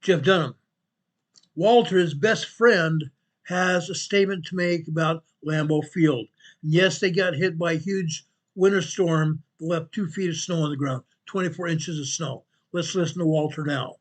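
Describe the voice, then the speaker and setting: A man hosting a casual emergency news show, energetic and repetitive, often calling the viewers "guys". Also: on the high side, moderate pace. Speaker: host and company president.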